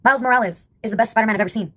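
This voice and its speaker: A woman in her fifties tells stories in a quick, brisk monologue with a slightly high voice. She is wry and sarcastic, often laughing at her own anecdotes. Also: fairly bright tone. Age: 50s. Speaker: vlogger. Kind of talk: casual storytelling monologue.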